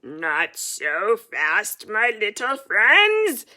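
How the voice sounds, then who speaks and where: A woman voicing a sneering male mole villain in a storybook, snarling slowly. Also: mid-range voice, huge pitch swings, bright, forceful tone, heavily acted. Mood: menacing. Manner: slow menacing snarl.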